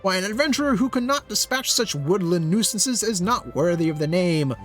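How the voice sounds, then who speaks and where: A man's voice: animated, normal speed, a bit bright, faint music behind. A man voicing a pompous, condescending male guild official in a video game, lofty in tone. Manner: pompous, lofty, swinging pitch.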